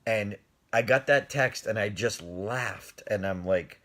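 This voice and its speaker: A middle-aged man telling a personal story on a live stream in a casual, animated way, often laughing and answering viewers' comments. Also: on the low side, a little slow.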